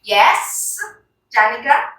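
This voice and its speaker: A woman's voice: a little high, expressive, extremely slow, sharp tone. A woman with a Filipino accent teaching a classroom lesson, encouraging her students and drilling words aloud with them. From Philippines. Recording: roomy echo, voice from far off.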